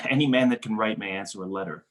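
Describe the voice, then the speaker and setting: A man reading the part of a witty, mocking young nobleman in a cold read of a stage play over a video call, with playful, animated delivery. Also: on the low side, fast talker, natural voice. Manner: playful, teasing, animated wordplay.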